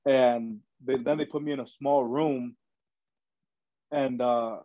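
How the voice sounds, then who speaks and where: A young man, appearing as a podcast guest, talks slowly through his story in a loose, chatty manner, often saying "bro" and "man." His mid-range voice stays fairly even, recorded in dull, dry lo-fi sound.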